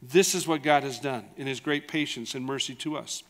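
A man's voice: mid-range voice, normal speed. A male pastor preaching a sermon in an earnest, conversational way, often asking the congregation rhetorical questions. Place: church.

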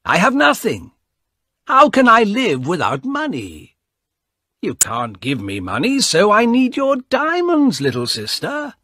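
A man's voice: high-pitched, huge pitch swings, measured pace, bright, forceful tone, no echo, studio quality, voice pushed up, full character voice. A man reading a story aloud and voicing a greedy young man who coldly taunts his sister, in a raised, pushed voice. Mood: taunting. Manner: taunting, cold.

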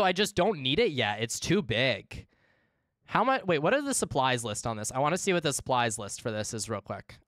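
Lively, smooth-voiced young man streaming. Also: a little high, dry recording, studio quality. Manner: animated, chatty, swears freely. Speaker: livestreamer. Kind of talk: casual gaming stream chat.

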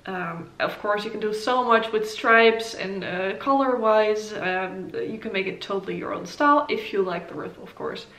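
A woman hosts a casual knitting vlog, reviewing patterns in a chatty way full of ums and uhs. Her medium-pitched voice moves at a moderate pace with hardly any pauses, a bit bright, and the camera mic gives it a roomy sound.

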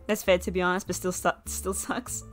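A woman's voice: fairly low pitch, flat delivery, brisk, faint music behind. A woman streaming a game live, chatting casually with her viewers, laughing often and swearing freely. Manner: giggly, swears freely, chats with viewers while playing.

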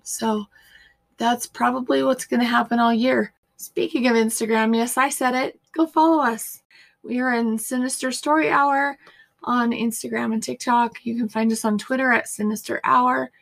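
Hoarse chatty woman podcast host. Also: fairly high pitch. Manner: chatty, warm thanks to listeners, rambling asides. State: hoarse, partly lost voice. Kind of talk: casual chat.

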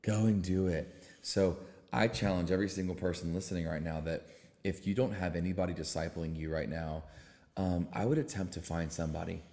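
Low-voiced man pastoring on a podcast, fervent and excitable, long reverb tail, brief note. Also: a little fast. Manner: fervent, bursts into excited exclamations. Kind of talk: casual faith podcast chat.

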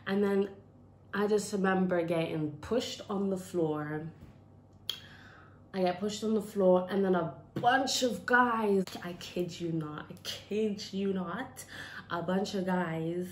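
A young woman from retelling a personal story for a vlog, animated and repeating lines for emphasis, acting out what people said. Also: lowish voice, slow pace. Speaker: vlogger telling a story. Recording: echoey room with faint noise.

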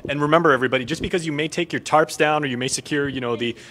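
A man's voice: on the high side, racing, a bit bright. A man hosting a live local news segment, chatty and joking, with many fillers. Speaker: news host. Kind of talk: casual live news chat.

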